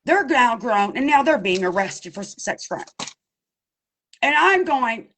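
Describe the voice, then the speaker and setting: A woman's voice: fairly high pitch, very animated, slow pace, a bit bright, a little hiss or hum, poor audio. A woman giving impassioned personal testimony as an abuse survivor, emphatic and pleading, calling her listeners y'all. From Pennsylvania.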